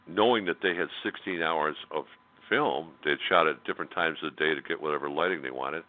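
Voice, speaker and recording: Man, extremely low voice, tinny phone line, blunt storyteller, lots of fillers. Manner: candid and blunt, with many fillers and restarts. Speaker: interview guest. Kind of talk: telling a personal story in a radio interview.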